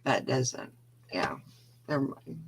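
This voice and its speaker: A woman's voice: very deep voice, sing-song, slow pace, vocal fry, breathy edge. A woman co-hosting a casual live-stream morning show, laughing easily and trailing off mid-sentence. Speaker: co-host of a reseller morning show.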